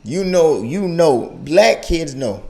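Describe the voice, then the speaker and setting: A young man hosting a casual reaction video, talking in an animated way and repeating phrases for emphasis. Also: on the high side, takes it slowly. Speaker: YouTube reaction host.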